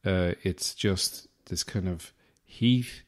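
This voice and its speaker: This Irish podcast host rambles through a comic monologue, wry and quick to poke fun at himself. He speaks slowly in a low-sitting voice.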